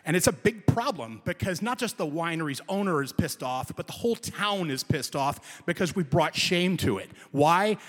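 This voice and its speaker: A man telling a comic personal story to a live audience, lively and emphatic. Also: fairly high pitch, normal speed, hardly any pauses, long reverb tail.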